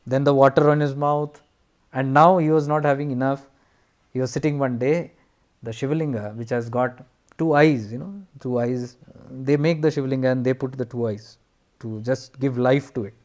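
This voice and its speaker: A man, a spiritual teacher telling a devotional story in an earnest, unhurried way with emphatic repetitions. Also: medium pitch, steady tone, a little mellow.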